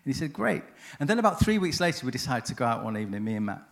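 A man gives a conference talk and drifts into a personal story. He talks casually, restarts his sentences and keeps it anecdotal, his voice sitting at an ordinary pitch. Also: sing-song, racing, vocal fry. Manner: chatty, self-interrupting, anecdotal. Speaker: seminar speaker on chaplaincy.

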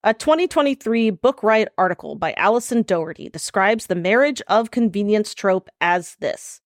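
A woman's voice: medium pitch, animated, normal speed, hardly any pauses, no echo, clean studio sound. A woman co-hosting a podcast who leads the segment and reads a definition aloud in an organized way. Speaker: podcast co-host. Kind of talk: casual chat and reading aloud.

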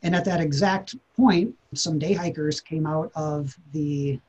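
A man's voice: fairly high pitch, unhurried, a little mellow, husky, dull audio. A man, a podcast guest, telling a personal story in an earnest, reflective way, often repeating words as he thinks.

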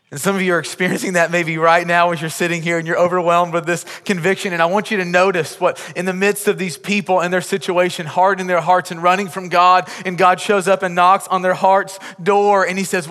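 An earnest male pastor preaches to his congregation, pleading and repeating phrases as he presses each point home. His voice sits a little high for a man. The sound rings out with the long reverb of a large church hall. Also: moderate pace, a bit bright. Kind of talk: sermon.

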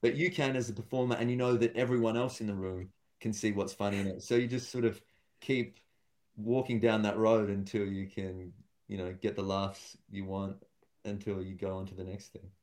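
A man's voice: on the low side, steady tone, moderate pace, a little mellow. A man, a stand-up comedian and guest, talking casually and thoughtfully in an interview, with many fillers and restarts.

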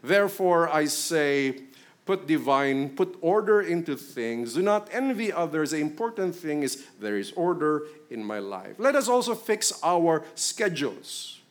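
A man's voice: a little high, sing-song, a little slow. A middle-aged man with a Filipino accent, preaching a sermon in a conversational way and putting questions to his congregation. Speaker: pastor.

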